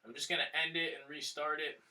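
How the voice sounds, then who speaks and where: Brief: male strength coach and podcast host, bright tense tone, loose conversational delivery, set slightly back from the mic. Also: fairly high pitch, fast, distant mic, rough recording. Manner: relaxed, rambling with fillers. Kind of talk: casual podcast chat.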